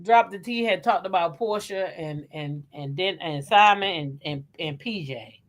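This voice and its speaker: A woman's voice: fairly low pitch, measured pace. A woman hosting a casual gossip chat about reality TV. She talks bluntly and acts out what people should have said.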